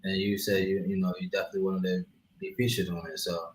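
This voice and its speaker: Deep-voiced man talking in an interview. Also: little pitch movement, fast, a little hiss or hum, poor audio. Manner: thoughtful, with many fillers. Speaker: guest, rapper and producer. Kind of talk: casual interview talk.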